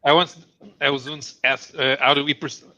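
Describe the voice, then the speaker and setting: A man's voice: medium pitch, little pitch movement, normal speed, pushed and bright. A man hosting a stream, speaking casually and hesitantly, correcting himself as he goes. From Europe. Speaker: host. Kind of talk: casual chat. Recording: dull lo-fi mic.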